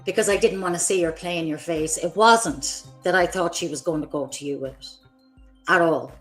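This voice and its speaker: A woman's voice: fairly low pitch, normal speed, soft background music. A woman hosting her own livestream, delivering an angry, profane, confrontational rant at other creators. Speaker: streamer host.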